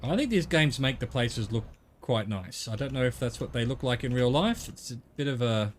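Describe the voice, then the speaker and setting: Australian man, middle-aged, game streamer, chatty rambling talk, mid-pitched voice, faint background noise. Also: lively intonation, normal speed. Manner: rambling, chatty, corrects himself mid-sentence. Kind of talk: casual chat while gaming.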